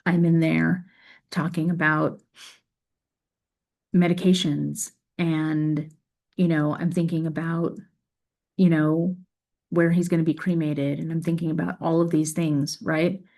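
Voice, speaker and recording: A woman with a deep, mellow voice reads a scripture passage and then talks it through in an earnest, reflective way. Her delivery stays conversational, with a gravelly edge of vocal fry running through it. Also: flat delivery, measured pace, pauses often. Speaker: faith video creator. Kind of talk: scripture reading and reflective talk.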